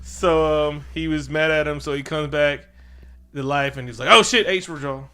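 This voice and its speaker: A man's voice: fairly high pitch, normal speed, smooth, soft background music. A man co-hosting a podcast, recapping a film in casual chat and acting out the characters with laughter. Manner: animated, acts out characters with laughs. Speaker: podcast co-host. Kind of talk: casual movie review chat.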